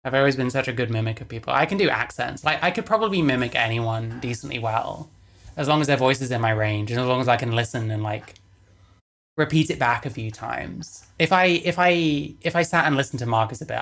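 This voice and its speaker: A woman's voice: very deep voice, fast talker, vocal fry, a bit bright. A woman reacting to a video on stream, sarcastic, swearing and dismissive in casual commentary.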